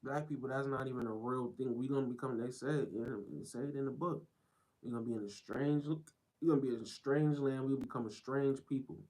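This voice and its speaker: A man's voice: medium pitch, steady tone, brisk, a little mellow, rough recording. Blunt rambling male streamer. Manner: blunt, rambling, repeats himself. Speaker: live streamer. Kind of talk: reacting to clips on a live stream.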